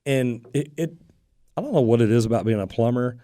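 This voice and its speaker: A man's voice: mid-range voice, brisk, mellow, no room sound, studio quality. A man who runs a plumbing business, chatting casually as a radio talk show host and telling stories with acted-out bits of dialogue. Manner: easygoing storyteller, acts out quoted dialogue. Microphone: studio microphone.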